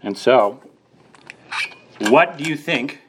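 A man's voice: on the high side, animated, slow, noisy background. A young man preaching a sermon in a conversational way, asking rhetorical questions and acting out quoted lines.

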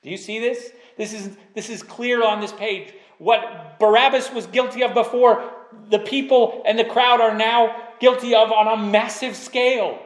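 A man's voice: high voice, steady tone, moderate pace, reverberant. A man preaching a sermon, pressing his point with repeated rhetorical questions.

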